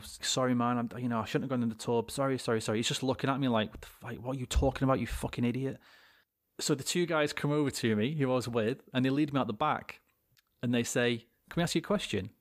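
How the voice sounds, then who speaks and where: A man's voice: medium pitch, dry recording, studio quality. A young British man, a podcast co-host, telling a rambling anecdote with plenty of swearing and restarts. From Britain. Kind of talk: casual storytelling chat.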